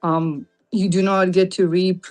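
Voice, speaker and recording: A woman's voice: fairly low pitch, little pitch movement, a little slow, darkish tone, soft background music. A woman hosting a casual livestream Q&A, talking in a chatty, joking way with lots of fillers. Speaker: live-selling host.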